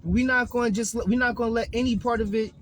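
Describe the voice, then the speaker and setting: High-voiced Brooklyn man ranting in his car. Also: fairly even intonation, fast talker, faint music behind, rough recording. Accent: New York (Brooklyn). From Brooklyn, New York. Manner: profane, streetwise, hyped-up preaching. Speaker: vlogger. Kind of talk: unscripted motivational rant. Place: inside a car.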